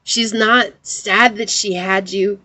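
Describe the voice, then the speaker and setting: A woman giving a spoken tarot reading, talking gently and earnestly straight to the listener, with a lot of "like" and repeated phrases. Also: medium pitch, steady tone, slow pace. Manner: fills speech with "like" and repeats phrases. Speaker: tarot reader.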